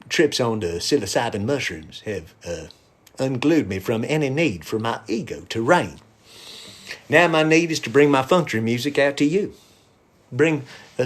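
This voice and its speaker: A middle-aged man talks off the cuff to his live-stream viewers, loose and irreverent. His pitch sits in the ordinary middle range, and at times he drops into a hushed whisper. He sounds like he is recorded at home on a phone or webcam mic. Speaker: musician and comedian streaming live.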